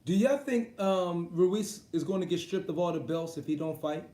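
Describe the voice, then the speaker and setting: A man with a slightly high voice chats on a live stream, swearing freely and breaking into laughter. He talks directly to his viewers as if they are in the room. The sound carries a noticeable roomy echo. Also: moderate pace, mellow. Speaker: sports talk streamer. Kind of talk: casual livestream chat about boxing.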